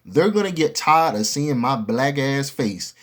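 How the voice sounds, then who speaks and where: Animated young man telling a story. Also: medium pitch, a little slow. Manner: animated, slangy and profane, with frequent asides to the viewer. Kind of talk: casual storytime monologue.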